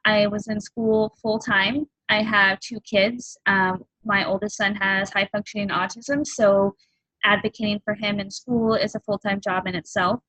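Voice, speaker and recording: A woman in her thirties tells her own story as a coach on a group call. She speaks openly and earnestly and stops often on ums. Her voice is bright and forward, and the sound is close and dry. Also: medium pitch, steady tone, no room sound, low-quality recording. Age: 30s. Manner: candid and earnest, halting with frequent ums. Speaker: fitness coach. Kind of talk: personal testimony on a group call.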